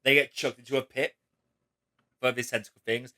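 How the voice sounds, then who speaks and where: Animated man chatting casually. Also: medium pitch, normal speed. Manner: animated, acts out quotes in raised voices. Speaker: podcast host. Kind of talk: casual spoiler chat.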